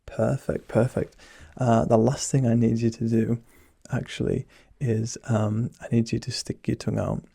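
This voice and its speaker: Soft-spoken young man, whispered role-play. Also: medium pitch, little pitch movement, normal speed, creaky, few pauses, breathy edge, no echo.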